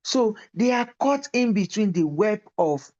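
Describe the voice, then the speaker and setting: A woman's voice: medium pitch, animated, a little slow, a little mellow, dull audio. A woman lecturer giving a university lecture and teaching through personal stories.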